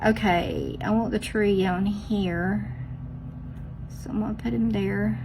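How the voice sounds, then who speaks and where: A woman's voice: mid-range voice, steady tone, slow, background noise. A woman, chatting casually to viewers as she does her nails, teasing herself as she goes. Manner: chatty, self-teasing, talks straight to viewers. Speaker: nail art vlogger. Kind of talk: casual chat while doing nails.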